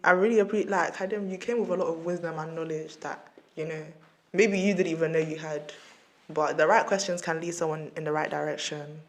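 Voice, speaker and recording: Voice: mid-range voice, fairly even intonation, fairly quick. A podcast host who chats casually in a playful, effusive way and signs off upbeat.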